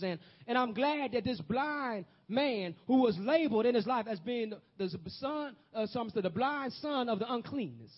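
High husky preaching man. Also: lo-fi sound. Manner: call-and-response preaching, rising to shouts. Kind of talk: sermon.

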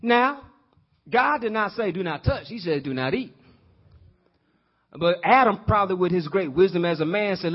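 A man with a high voice delivers a sermon, speaking straight to his listeners and checking whether they follow. He repeats and restarts words as he builds his points, and plays out the characters' lines himself. The recording is dull and lo-fi. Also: expressive, normal speed, husky. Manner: acts out quoted voices in dialogue. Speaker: preacher.

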